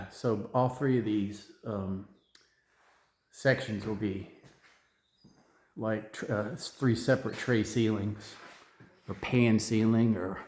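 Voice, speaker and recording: A man's voice: lowish voice, echoey room. A man talking to the camera while he works on his house renovation, thinking aloud in a rambling way and restarting his words. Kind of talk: on-site vlog talk to camera. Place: indoors in a house under renovation.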